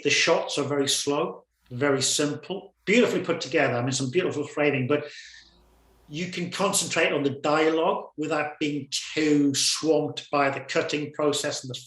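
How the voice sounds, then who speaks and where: A man's voice: fairly high pitch, fairly bright tone. A man from the UK with a British accent, a guest talking animatedly and often repeating words as he thinks. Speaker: guest videographer. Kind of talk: casual conversation. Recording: echoey room.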